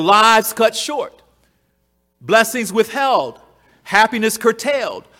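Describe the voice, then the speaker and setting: A man with a notably high voice delivers a sermon. He hammers home phrases by repeating them, rising to loud, emphatic peaks and then dropping into quiet, low-pitched stretches. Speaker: preacher.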